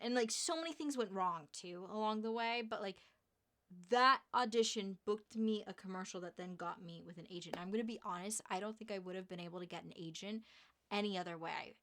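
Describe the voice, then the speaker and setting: A young woman tells a story to her camera in a bright, clear voice. She is lively and chatty, laughs often, and slips into quick impressions of the people in her story. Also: medium pitch. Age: young adult. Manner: animated, laughing, acts out quoted voices. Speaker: vlogger. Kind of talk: casual storytelling vlog.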